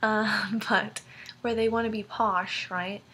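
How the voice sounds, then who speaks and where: A woman's voice: medium pitch, steady tone, takes it slowly, sharp tone, a little hiss or hum. A young woman vlogging casually to her friends, rambling with many ums and likes and giggling between thoughts. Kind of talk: casual video-letter chat to friends.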